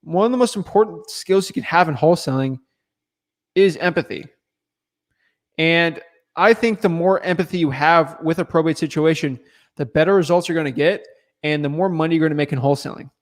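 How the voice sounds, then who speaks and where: Talky guy on a stream, laid back, kinda high-pitched, lots of uhs and likes. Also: brisk. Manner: relaxed, chatty, loose filler words and restarts. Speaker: real estate wholesaler answering viewer questions. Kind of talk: casual livestream chat.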